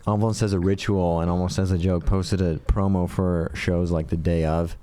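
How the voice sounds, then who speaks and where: A young man talks in a low, mellow voice, tripping over his words and restarting often. He trades self-mocking jokes in a loose, casual chat as a comedian guest. His voice stays soft and dark rather than bright. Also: little pitch movement, moderate pace. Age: 20s. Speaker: stand-up comedian, podcast guest.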